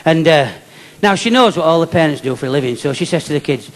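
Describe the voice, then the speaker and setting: A man with a Yorkshire accent doing a deadpan stand-up comedy routine with chatty asides to a live audience. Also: on the high side, fast, hardly any pauses. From Yorkshire, England. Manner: deadpan delivery with chatty asides and tag questions. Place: live venue with laughing audience. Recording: live club recording with crowd laughter and noise.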